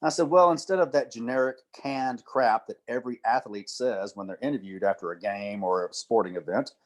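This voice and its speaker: A middle-aged man speaking to a church gathering at a mid-range pitch. He tells anecdotes in a relaxed storytelling way and slows down to recite verse with feeling. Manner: storytelling, acts out quotes, recites poetry slowly. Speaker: church speaker and literature teacher.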